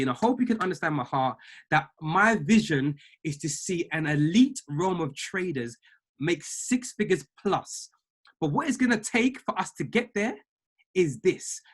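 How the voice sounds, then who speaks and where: A man's voice: fairly high pitch, slightly rough. A man, a trading mentor giving a fired-up motivational talk on a group call, repeating phrases like a preacher.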